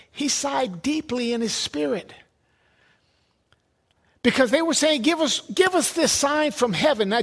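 A man's voice: very high-pitched, gravelly, slightly rough. A man preaching a sermon, emphatic, repeating words and building lists.

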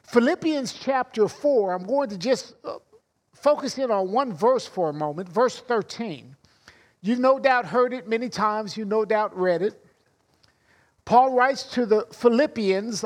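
A man's voice: high voice, unhurried. A man preaching a sermon as pastor, leading a prayer and stressing the words of the verses he quotes.

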